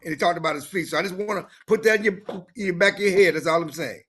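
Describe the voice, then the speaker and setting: A man co-hosting a sports podcast in casual chat, animated and given to repeating himself. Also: high voice, racing, slight background noise. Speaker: podcast co-host.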